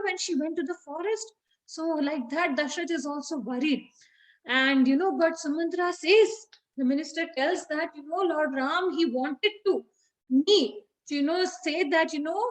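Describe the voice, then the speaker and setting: A woman's voice: high voice, rough recording. A woman, teaching children by retelling a story in a chatty way, with many fillers and questions to the class.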